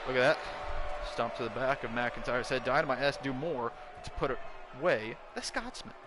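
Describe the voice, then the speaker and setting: Brief: male play-by-play caller for a wrestling video game, mid pitch, gets loud and excited, clear background noise. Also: normal speed. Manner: excitable, bursts into shouts at big moves.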